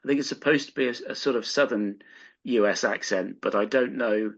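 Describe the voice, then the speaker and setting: A British man chatting on a podcast, halting and searching for his words as he talks. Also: medium pitch. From United Kingdom. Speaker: podcast co-host. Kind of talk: casual podcast chat. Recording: slightly dull lo-fi audio.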